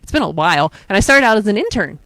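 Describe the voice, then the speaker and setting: Animated Pittsburgh woman telling stories. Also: mid-range voice, racing, dry recording. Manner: animated storytelling, laughs often. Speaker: podcast guest. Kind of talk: casual chat.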